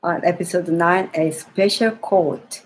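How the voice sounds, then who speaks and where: A woman reading a Bible story aloud to young children in a gentle way, often restarting and repeating phrases. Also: lowish voice, fairly even intonation, measured pace, a little hiss or hum, poor audio.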